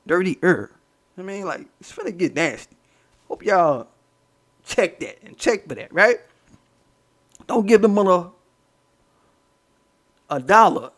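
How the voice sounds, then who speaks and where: Dude ranting on his stream, swears a lot, rambles, kinda high voice. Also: a bit bright. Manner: profane, rambling, talks to the chat. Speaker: livestream host. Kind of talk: casual livestream rant.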